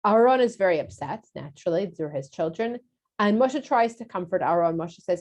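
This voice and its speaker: A woman's voice: lowish voice, big pitch swings, normal speed. A woman teaching a casual lesson for kids, chatty and explanatory with frequent filler sounds.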